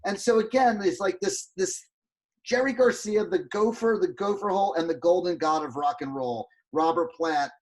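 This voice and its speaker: Man, fairly high voice, casual rambling storyteller, video-call audio. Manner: animated, lots of restarts and fillers. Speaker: guest photographer.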